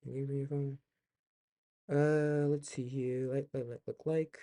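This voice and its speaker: A man's voice: mid-range voice, flat delivery, a little slow, dark tone. A young man streaming a reaction video, ranting and swearing, often repeating himself. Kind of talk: livestream reaction commentary.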